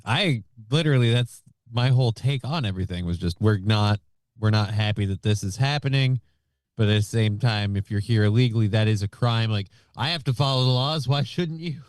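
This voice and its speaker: A male co-host on a casual political talk show speaks plainly and mostly agrees with the host. His voice sits low, and the sound is dry and close. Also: brisk, no room sound.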